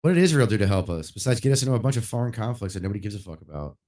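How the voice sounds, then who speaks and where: A man ranting casually and bluntly while streaming a game, swearing often and getting louder when worked up. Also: lowish voice, animated, very fast. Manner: blunt and profane, rising loud when worked up. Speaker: gaming livestreamer.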